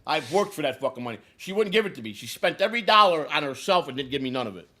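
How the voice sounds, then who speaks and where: A man's voice: fairly high pitch, fast talker. A man in his sixties from Chicago, telling a long story in a casual, profane way and acting out the lines of the people in it. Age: 60s. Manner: profane, animated storyteller who acts out quotes.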